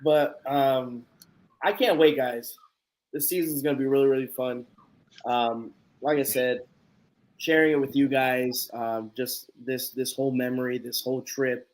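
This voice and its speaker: A man's voice: mid-range voice, measured pace. A man hosting a live stream, telling a story with lots of energy and acting out the quotes. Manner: animated storyteller, acts out quotes. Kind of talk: casual storytelling chat.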